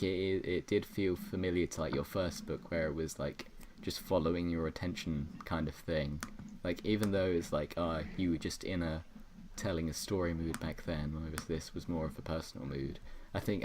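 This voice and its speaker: Over an online call, a young man hosting a podcast hands out jokey awards in casual chat, rambling and correcting himself as he goes. His voice is low, and there's background noise.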